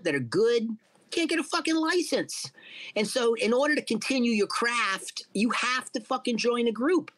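A middle-aged man telling a story in a casual interview, swearing freely and acting out what people said to him. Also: sits high. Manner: profane, animated storyteller acting out quotes. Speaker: guest, cannabis entrepreneur.

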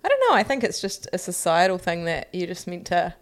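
A woman co-hosting a podcast in casual chat, upbeat and agreeable, quick to laugh. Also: lowish voice, expressive. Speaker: podcast co-host.

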